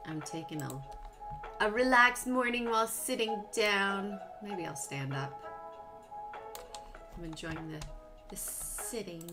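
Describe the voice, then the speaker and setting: A woman hosts a live stock market stream in an unhurried, drawn-out way, chatting playfully with her viewers as she walks through her charts. Music plays clearly behind her voice. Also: mid-range voice. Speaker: livestream stock trading host. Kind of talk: casual live market commentary.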